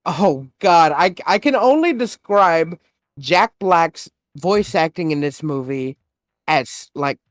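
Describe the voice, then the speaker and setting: A young man co-hosting a podcast, excitedly retelling a movie trailer in casual, swear-laden chat. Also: a little high, takes it slowly, no echo, studio quality. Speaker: podcast co-host.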